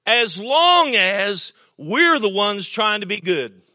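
A male preacher with a very high, bright voice gives a folksy, story-filled sermon. He repeats his words as he goes and bursts into shouts to drive a point home. The sound is dry and a little muffled. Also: very animated, takes it slowly, dry recording. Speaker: pastor.

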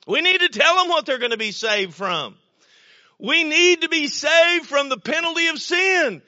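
A man preaching a sermon in a folksy, storytelling way, repeating words and now and then breaking into shouts. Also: very high-pitched, expressive, moderate pace, no room sound, lo-fi sound. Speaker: pastor.

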